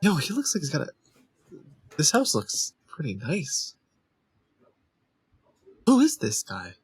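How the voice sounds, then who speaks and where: A man's voice: on the high side, huge pitch swings, takes it slowly, husky, dry recording. A man streaming live, chatting casually into a close desk microphone, joking and laughing often as he talks.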